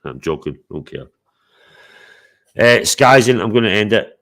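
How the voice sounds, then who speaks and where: A man's voice: on the low side, big pitch swings, measured pace, a bit bright. A man hosting a live stream, talking bluntly and confrontationally, swearing a lot. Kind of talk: heated live stream chat.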